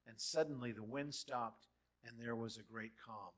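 A man preaching a sermon in a church hall, animated and dramatic, with big swings in loudness as he acts out quotes. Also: medium pitch, moderate pace. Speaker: pastor.

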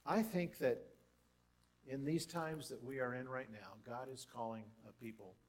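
A man preaching a sermon as pastor, conversational with asides and rhetorical questions, his voice rising for emphasis. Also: unhurried. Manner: lists in a lowering voice, rises for emphasis.

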